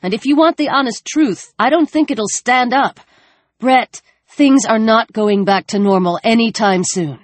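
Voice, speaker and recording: A man's voice: very high voice, a little slow, no room sound, pitched above the performer's own voice. A woman voicing a desperate male soldier, pleading urgently with a raised voice.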